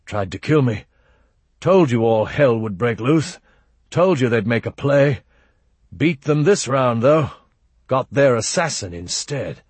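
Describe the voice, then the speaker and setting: A man's voice: mid-range voice, expressive, unhurried, husky, dry recording. A man reading aloud and voicing a wounded former lawman who speaks in clipped, short sentences and gasps for breath. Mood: determined. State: gasping from a wound.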